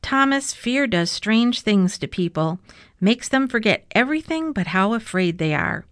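A calm old grandfather, as a woman reads him. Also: medium pitch, a little slow, no room sound, clean studio sound, natural voice. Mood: gentle. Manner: calm, gently teasing. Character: calm, dry-humored old grandfather telling a story. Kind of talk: storybook reading.

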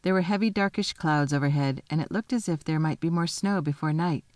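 A woman reading a children's novel aloud in a lively, expressive storytelling manner. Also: sits low, a little fast, no echo, studio quality. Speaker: reader.

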